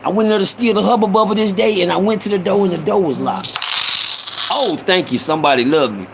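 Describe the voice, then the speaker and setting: A man hosting a casual storytelling stream, slangy, with repeated asides and shout-outs to viewers. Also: sits high, fast, vocal fry, very noisy. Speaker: host.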